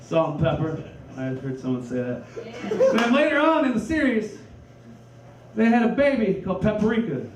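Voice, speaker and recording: Dude doing crude rambly standup, high voice that jumps all over, echoey club, crowd laughing. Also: male voice, sing-song, moderate pace, recorded from a distance. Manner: crude, rambling, self-deprecating. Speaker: stand-up comedian. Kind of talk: stand-up comedy set. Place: comedy club stage with live audience.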